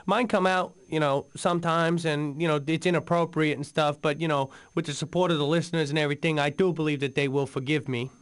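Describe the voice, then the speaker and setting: A rambling, boozy radio co-host, voiced by a man on a video game's comedy talk station. He talks in a smooth, fairly high voice, full of "you know" and "right?" as he spins a long story. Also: fairly even intonation, fast talker, hardly any pauses, close to an everyday voice. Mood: apologetic. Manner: rambling storyteller, lots of fillers.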